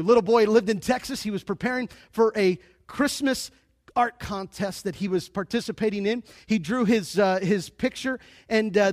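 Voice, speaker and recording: A man preaching to his congregation, his voice pitched high for a man. He jokes and teases, then falls into quiet, confiding asides before building back up. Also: no echo. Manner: lively, joking preacher with sudden drops to a quiet aside. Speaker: pastor. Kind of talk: sermon.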